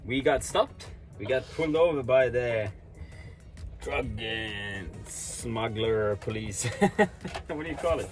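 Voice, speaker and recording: A man's voice: mid-range voice, animated, slow, faint music behind. A young Swedish man, a native Swedish speaker with a Swedish accent, chatting casually about their trip. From Sweden. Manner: laid-back, laughs often. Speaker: vlogger's boyfriend. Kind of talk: casual chat.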